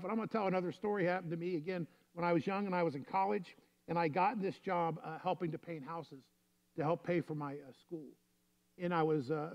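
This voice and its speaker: A man's voice: fairly high pitch, lo-fi sound. A male pastor preaching a sermon in a conversational, storytelling way.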